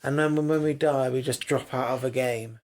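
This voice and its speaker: A man's voice: mid-range voice, fairly even intonation, a little fast. A man co-hosting a podcast, chatting casually in a blunt, teasing and playfully stubborn way. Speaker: podcast co-host. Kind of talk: casual chat.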